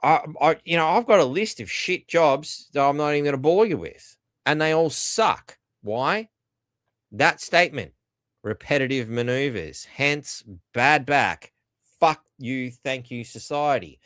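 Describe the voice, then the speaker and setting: A man's voice: on the high side, expressive, a little slow, a bit bright, dry recording, studio quality. An Australian man hosting a podcast, delivering a rambling, profane, sardonic rant. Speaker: podcast host. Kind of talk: ranting commentary.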